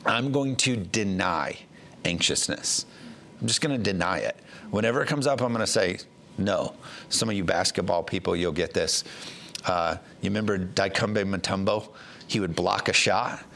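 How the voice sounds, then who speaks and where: A man's voice: lowish voice, creaky, a bit bright, slight background noise. A man from the United States, a pastor giving a conversational sermon, plain-spoken with frequent fillers and restarts.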